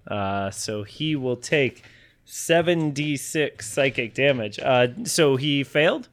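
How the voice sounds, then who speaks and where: Male player, measured slow delivery, hesitant, full of fillers, mid-pitched. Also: expressive. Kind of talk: casual tabletop play.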